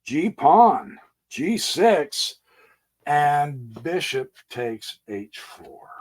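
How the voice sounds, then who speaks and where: A man walks through a chess game on a physical board in a folksy way, thinking out loud and dropping homey exclamations. His pitch sits a touch high and swings widely. He talks slowly, jumping between hushed asides and emphatic outbursts. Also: lively intonation. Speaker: chess channel host.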